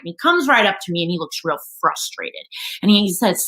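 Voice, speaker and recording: A woman's voice: medium pitch, expressive, a little fast, sharp tone, poor audio. A woman from New York telling a personal story live, casual and profane, acting out the people in it.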